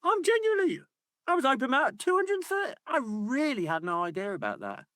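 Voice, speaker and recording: A man's voice: very high-pitched, huge pitch swings, a little fast, sharp tone, no room sound, studio quality. A man co-hosting a casual football podcast, ranting playfully and swearing freely. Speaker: podcast co-host.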